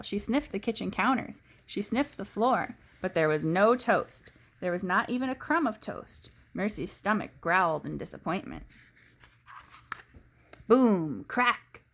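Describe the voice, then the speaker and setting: A woman teacher reading a children's book aloud in an expressive storytelling voice. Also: medium pitch.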